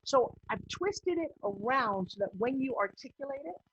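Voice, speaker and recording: A woman business coach giving a recorded online course lesson in a lively, conversational way, acting out bits of dialogue. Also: high-pitched, moderate pace, a little hiss or hum. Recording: slightly muffled lo-fi audio.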